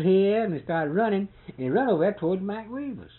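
A man's voice: sits high, fairly quick. Folksy man spinning yarns. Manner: folksy, animated, chuckling retelling. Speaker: storyteller in conversation. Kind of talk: casual storytelling chat. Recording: tinny phone-like old recording.

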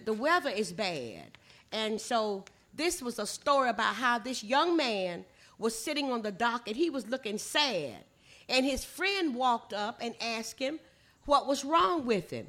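An older woman from the Gullah coast with a Lowcountry Gullah accent, teaching her language to an audience and drawing out words for emphasis. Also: fairly bright tone. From Gullah coast of the southeastern US. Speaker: language and culture presenter.

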